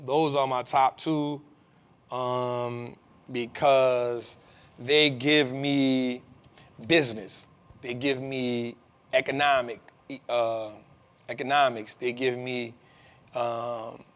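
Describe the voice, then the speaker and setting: A man's voice: mid-range voice, smooth. A man hosting a live investing show, answering viewer questions in laid-back slang with many fillers. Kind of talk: casual live-stream Q&A.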